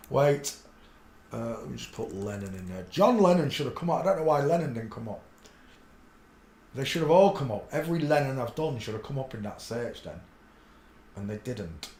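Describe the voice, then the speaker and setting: A man hosting a solo livestream, talking to himself in a blunt, crude way and swinging from low muttering to loud excited outbursts. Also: roomy sound, a little hiss or hum. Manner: mutters under his breath, then bursts out loud and excited; blunt and crude, talks to himself while searching images. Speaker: livestream host. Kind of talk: rambling solo livestream commentary.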